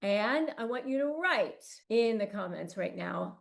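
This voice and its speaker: A woman's voice: mid-range voice, expressive, a little slow, vocal fry, few pauses. A woman hosting an advice talk, coaching in emphatic, clipped phrases. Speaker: host.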